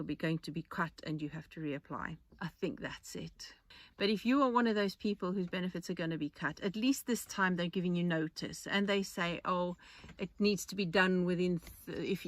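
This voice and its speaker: A woman's voice: fairly low pitch, fairly bright tone, dry recording. A woman hosting a podcast, talking in a chatty, rambling way with restarts and asides. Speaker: podcast host. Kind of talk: casual monologue.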